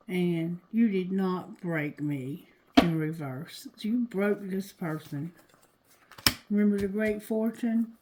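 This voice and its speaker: A woman giving a casual tarot reading to her viewers, talking loosely and cursing, going quieter when she asks the cards. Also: lowish voice, slow, noisy background. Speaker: tarot reader.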